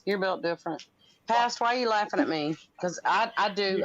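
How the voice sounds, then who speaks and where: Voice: medium pitch, brisk, highs cut off, a crowd in the background. A frank, swearing guest on a livestream, talking plainly about getting angry. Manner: frank, profane, emphatic. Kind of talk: casual livestream chat.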